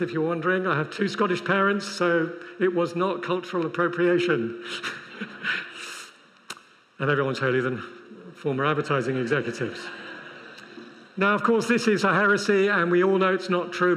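A man preaching to a large convention crowd, conversational and dryly funny, slipping in self-mocking asides. His voice sits a little higher than most men's. The sound carries the long reverb of a big hall. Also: moderate pace, a bit bright. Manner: conversational with wry humorous asides. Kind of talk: sermon.

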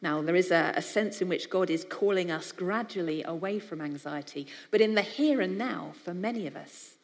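A woman from the United Kingdom, speaking for a biblical counselling charity, gives a sermon-style talk to a live audience in a conversational, personal way. Her lowish voice moves at a moderate pace and carries the long reverb of a big hall.

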